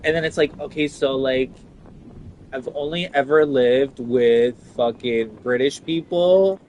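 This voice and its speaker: A man of middle pitch rambles through a profane, casual rant while he plays a video game. His talk is loose and full of filler words, with a faint hiss of noise behind him. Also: a little slow, darkish tone, rough recording. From Italian. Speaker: gaming streamer. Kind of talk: casual ranting while gaming.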